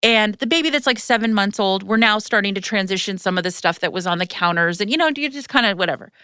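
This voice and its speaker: A woman's voice: mid-range voice, animated, quick pace, sharp tone, clear, resonant tone, dry recording, clean studio sound. A woman hosting a podcast, telling a personal story frankly and emotionally, swearing freely and using lots of fillers. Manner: emotional, tearful retelling. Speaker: podcast host. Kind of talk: candid personal storytelling chat.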